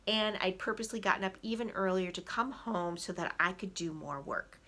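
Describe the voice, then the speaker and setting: A woman speaking as an emotional wellness coach, giving an animated motivational talk directly to her listeners and acting out angry inner voices along the way. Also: medium pitch, fairly quick. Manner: direct, addresses listeners as "people".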